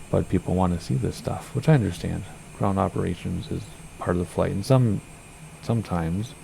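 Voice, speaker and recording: A man streaming a flight simulator, chatting casually and rambling, with a slightly hoarse voice. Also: low voice, warm tone, a little hiss or hum. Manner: chatty, rambling, self-correcting. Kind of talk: casual gameplay commentary.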